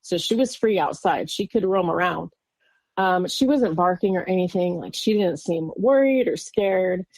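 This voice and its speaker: Low-voiced woman telling a rambling story. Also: lively intonation, moderate pace, a little mellow, no room sound. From Oregon, USA. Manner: rambling, frequent fillers, nervous laughter. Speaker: guest witness. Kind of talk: recounting a personal encounter in a podcast interview.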